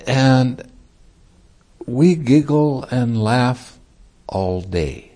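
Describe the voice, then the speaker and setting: Male monk, meditation teacher, dharma talk; slow delivery, mellow voice, easy laughter. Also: mid-range voice, animated. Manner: light-hearted, laughs easily while teaching.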